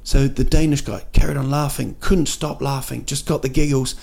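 A man's voice: medium pitch, level tone, moderate pace, creaky, a little mellow. A man hosting a casual solo podcast, rambling and joking with lots of fillers and restarts, recorded indoors at night. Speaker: podcast host. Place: indoor room at night in a city.

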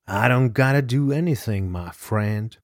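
Man doing a cold, quiet hitman. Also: unhurried, no echo, studio quality, close to an everyday voice. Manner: quiet, low, flat and menacing. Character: cold, brooding male hitman.

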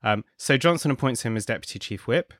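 Speaking a little fast and expressively, this mid-range, slightly bright-voiced man is a contributing editor guesting on a podcast. His political analysis is wry and thoughtful, often interrupted by ums and restarts, and the studio sound is clean with no echo.

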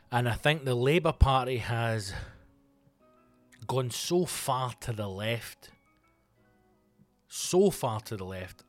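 Sweary Scottish man ranting. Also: mid-range voice. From Scotland. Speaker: comedian podcast host. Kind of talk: casual ranting monologue.

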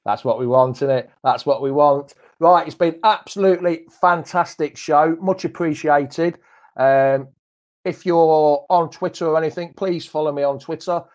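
A man's voice: a little high, moderate pace, darkish tone. A man from Leicester, hosting a football fan live stream in jokey, banter-filled casual chat. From Leicester, England. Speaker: host of a football fan show.

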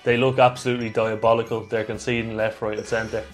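A man's voice: on the low side, flat delivery, faint music behind. Man bantering through football results. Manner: banter, quick rundown of results. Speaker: podcast co-host. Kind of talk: casual football chat.

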